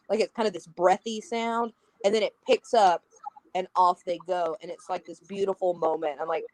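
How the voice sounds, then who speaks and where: A woman's voice: fairly low pitch, a little fast, no room sound, rough recording. A woman chatting casually about a film on a podcast, acting out the characters' lines as she retells scenes. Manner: animated, acts out quoted lines. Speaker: podcast guest.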